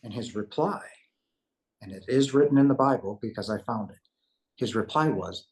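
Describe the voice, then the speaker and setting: A man tells a spiritual testimony in an earnest, emphatic way. His voice sits at a middle pitch, and he circles back on his words, asking "right?" to pull the listener along. It sounds like an interview over a remote call. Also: normal speed, long pauses, a little mellow, poor audio. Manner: emphatic, repeats himself, rhetorical "right?". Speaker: interview guest.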